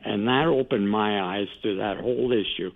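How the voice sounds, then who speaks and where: A man's voice: on the low side, moderate pace, gravelly. A man calling in to a radio talk show, speaking hesitantly with frequent restarts. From Canada. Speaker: caller. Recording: tinny phone line.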